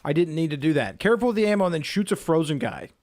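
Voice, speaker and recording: A man's voice: on the high side, big pitch swings, very fast. A man giving let's-play commentary as he plays, chatty and self-mocking, reacting aloud to the game. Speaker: gaming video creator.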